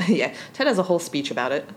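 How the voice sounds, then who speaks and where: Female podcast co-host, lower voice, laughs often, faint background hiss. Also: sing-song, quick pace. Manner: giggly, easygoing. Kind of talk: casual recap chat.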